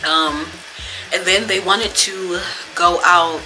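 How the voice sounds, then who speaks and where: A woman's voice: fairly low pitch, steady tone, takes it slowly, music in the background. A young woman vlogger talking casually and venting, with a lot of profanity and frustration.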